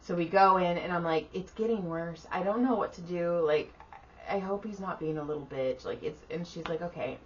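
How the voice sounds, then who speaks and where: Casual podcast co-host, middle-aged woman, gravelly low voice, profane animated storytelling, slightly dull audio. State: exhausted. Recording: slightly dull audio with faint room noise.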